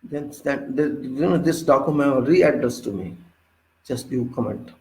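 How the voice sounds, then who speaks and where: A man with an Indian accent giving an unscripted engineering lecture, forceful and indignant, pressing his points with sharp rhetorical questions. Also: medium pitch, expressive, moderate pace, reverberant, slight background noise, low-quality recording. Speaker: civil engineering instructor.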